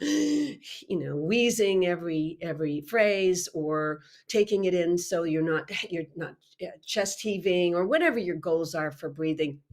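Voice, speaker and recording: A woman teaching singing technique in a live online workshop, chatty and animated with frequent restarts. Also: on the low side.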